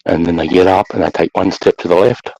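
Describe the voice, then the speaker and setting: An Australian man, an army veteran guest on a casual podcast, tells war stories in a blunt, sweary way, calling people "mate" and "bro" constantly. His voice is low, gravelly, slightly rough and darkish, with fairly even intonation and a fast pace. The recording is low quality, with no room sound.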